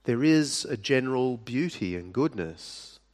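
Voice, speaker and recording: A man preaching a sermon, speaking deliberately with dramatic pauses and sudden drops to a hush. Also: medium pitch, lively intonation. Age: adult. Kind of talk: sermon to a live audience.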